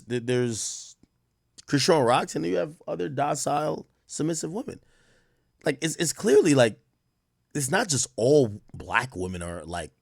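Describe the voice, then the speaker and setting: A man's voice: mid-range voice, gravelly, no room sound, clean studio sound. A man from Jamaica hosting a livestream, ranting crudely and laughing as he reacts to clips. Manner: loud, laughing, crude rants. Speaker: livestream host. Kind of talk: profane comedic commentary.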